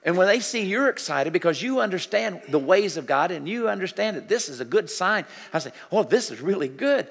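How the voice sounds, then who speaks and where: An older man preaching a healing sermon, telling stories with lively acted-out dialogue and dropping to soft, murmured prayers. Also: sits high, brisk, creaky. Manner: animated storytelling, acting out dialogue, drops to soft prayerful murmurs. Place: church sanctuary.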